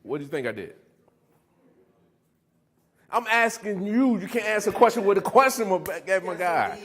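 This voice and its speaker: Lively middle-aged man telling his story. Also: high voice, normal speed. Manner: animated storytelling, laughing, quizzing the audience. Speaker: recovery speaker. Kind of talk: motivational talk to a live audience.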